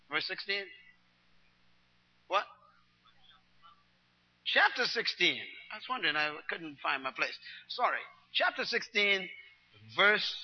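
A man preaching a sermon, teaching his congregation, going from quiet muttered asides to loud, driving declarations. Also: a little high, slightly rough. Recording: dull long-reverb hall sound.

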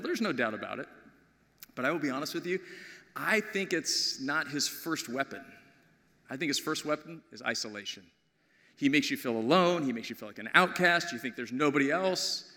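Animated pastor preaching in a reverberant sanctuary. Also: male voice, a little high. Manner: animated storytelling, swings from loud to hushed. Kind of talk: sermon. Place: large church sanctuary. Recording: long hall reverb.

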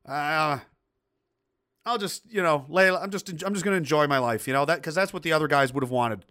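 A man's voice: a little high, fairly quick, bright, forceful tone. A middle-aged man hosting a livestream who reads viewer chat aloud and rants bluntly and profanely, with lots of rambling restarts. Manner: blunt and profane, heated outbursts. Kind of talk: casual ranting commentary.

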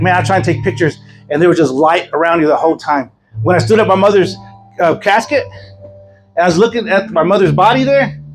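High-voiced animated male preacher. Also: low-quality recording. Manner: animated, acts out voices of people in his story. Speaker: evangelist preacher. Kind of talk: sermon storytelling.

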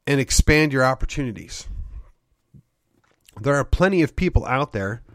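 A podcast host with a fairly high voice delivers an opinionated monologue, packed with rhetorical questions and needling sarcasm. The recording is clean studio sound with no room tone.

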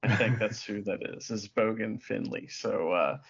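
A man co-hosting a podcast with jokey, lively banter. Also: on the low side, moderate pace, creaky, breathy edge, muffled recording. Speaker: podcast co-host. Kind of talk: casual chat.

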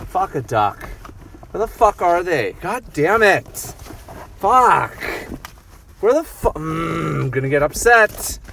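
A man's voice: a little high, big pitch swings, measured pace, creaky, fairly bright tone, far from the mic, a little hiss or hum. A man venting in a vlog, swearing in frustration as he rants by his car on a street. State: agitated.

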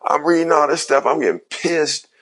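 A man's voice: on the high side, moderate pace. A middle-aged man from Ohio, a former pro basketball player, telling a story in casual slangy talk. He acts out the voices of the people in it. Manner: animated retelling with quoted dialogue, slangy.

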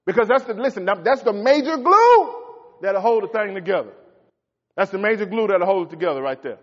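A middle-aged man preaching a folksy sermon as a pastor, swinging between shouts and quiet asides. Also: sits high, very animated, fairly quick. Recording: echoey hall, dull lo-fi sound.

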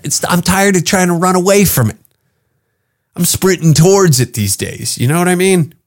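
A man hosting a podcast, talking in a crude, rambling comedic monologue full of swearing. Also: medium pitch. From Canada. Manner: profane, rambling, brash. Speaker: podcast host. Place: podcast studio.

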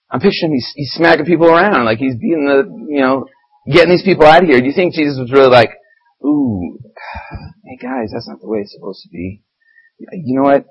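A man's voice: mid-range voice, breathy edge, rough recording. A man giving an informal, conversational church sermon, reading scripture and getting heated as he talks. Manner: animated, conversational, grows heated when describing fighting Satan. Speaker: church lay preacher.

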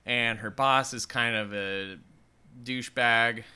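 A man co-hosting a casual podcast, retelling a film plot in an animated way and breaking into silly voices for the characters. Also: mid-range voice, slow, clean tone. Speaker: podcast co-host.

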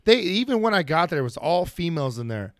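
Bright-voiced man swearing through a story. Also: fairly high pitch, very animated, fast, no echo, clean studio sound. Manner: profane, laughing, acts out quotes. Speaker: podcast regular telling a story. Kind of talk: casual storytelling chat. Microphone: studio mic.

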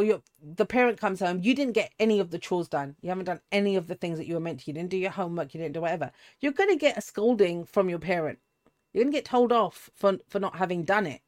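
A woman's voice: medium pitch, fairly quick, darkish tone. A woman, giving a casual, rambling tarot reading full of asides and restarts. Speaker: tarot reader.

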